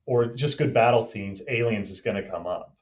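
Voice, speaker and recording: Rambling low-voiced male podcast host. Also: a little mellow. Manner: rambling, jokey, talks in quick bursts. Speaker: podcast co-host and game master. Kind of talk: casual podcast chat.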